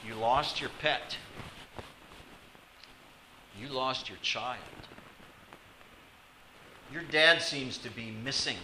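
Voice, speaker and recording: A man preaching a sermon in a church, swinging from loud, dramatic lines to hushed ones. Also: medium pitch, very slow, pauses often, background noise. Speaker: pastor.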